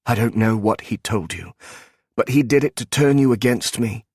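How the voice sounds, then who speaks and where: A man's voice: medium pitch, normal speed, a little mellow, breathy edge, dry recording, studio quality, pitched above the performer's own voice, natural voice. A male narrator voicing a guarded former woman assassin who pleads and argues with rising emotion. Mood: heated.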